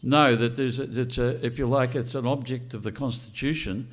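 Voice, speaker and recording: A man's voice: mid-range voice, fairly even intonation, normal speed. An older man giving a blunt, unscripted speech to an audience and asking rhetorical questions. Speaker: speaker at a political launch event.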